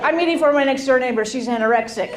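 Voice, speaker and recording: A woman performs stand-up in a club, teasing the audience and poking fun at herself in a high, fast voice. Loud crowd laughter and bar noise fill the recording.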